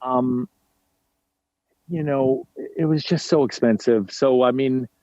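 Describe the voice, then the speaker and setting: A man's voice: mid-range voice, slow pace, darkish tone, no echo. Middle-aged man, from New York, chatty podcast guest, self-deprecating, dry lo-fi remote audio. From United States, New York. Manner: chatty and self-deprecating, many fillers and restarts. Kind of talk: casual interview chat. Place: at home.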